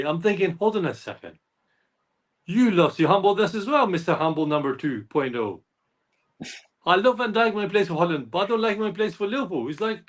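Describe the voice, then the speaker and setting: High-pitched rambling football fan man. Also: expressive, fairly quick. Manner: rambling, repeats himself, mimics others' speech. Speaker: fan channel co-host. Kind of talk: casual football fan chat.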